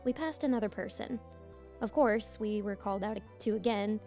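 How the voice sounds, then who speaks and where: A young woman streaming a visual novel, reading narration aloud softly and chatting with giggles in between. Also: mid-range voice, normal speed. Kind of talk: reading a game aloud with casual commentary. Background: game music.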